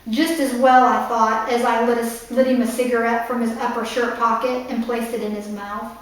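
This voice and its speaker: Woman author reading her novel aloud, fairly high voice, stops for asides explaining the story, very echoey room, mic set back. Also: little pitch movement, normal speed, far from the mic.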